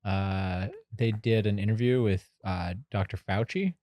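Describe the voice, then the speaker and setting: A man co-hosting a podcast, throwing in jokey quick questions during casual chat. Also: on the low side, mellow. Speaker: podcast co-host.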